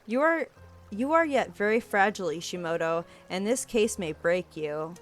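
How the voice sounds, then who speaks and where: A woman puts on a cold senior investigator who speaks in formal, measured, lowered tones. He is condescending and stern. Faint music plays under the game read. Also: animated, lightly acted.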